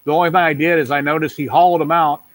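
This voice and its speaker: A middle-aged man hosts a casual video call hangout. His voice sits a little high for a man, and he talks in a rambling, folksy way, often falling back on "yeah, yeah". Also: fairly even intonation, fast, fairly bright tone. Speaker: host.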